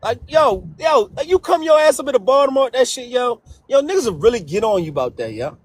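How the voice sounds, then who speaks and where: A man's voice: extremely high pitch, sing-song, brisk, no room sound. A young man taunting his friends in a voice chat, brash and repetitive, peppering every line with "yo" and insults. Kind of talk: trash-talking banter.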